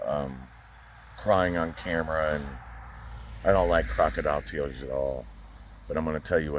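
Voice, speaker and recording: A man speaking in a personal vlog outdoors, talking earnestly and haltingly, often repeating words as he restarts. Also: a bass voice. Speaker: vlogger. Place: outdoors by a flagpole.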